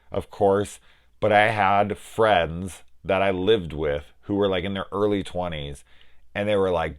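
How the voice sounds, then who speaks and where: A man's voice: low voice, fairly bright tone. A young man reviewing a film in a casual, rambling way, swearing freely and acting out bits of conversation. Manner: rambling, profane, with lots of "like" and quoted dialogue.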